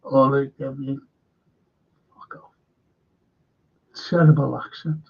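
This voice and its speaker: Husky, gravelly man, slow. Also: medium pitch, fairly even intonation. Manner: rambling, swears freely, repeats himself. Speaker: film and TV review host. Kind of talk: casual livestream chat reading viewer comments. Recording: dull lo-fi stream audio.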